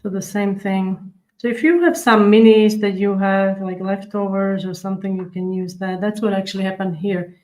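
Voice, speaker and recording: A woman's voice: medium pitch, little pitch movement, moderate pace, few pauses, darkish tone, poor audio. A woman hosting a live cookie-decorating stream, chatting with viewers and explaining each step as she works. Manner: chatty, demonstrates step by step while reading viewer comments. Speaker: cookie decorating livestream host. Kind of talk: live tutorial chat.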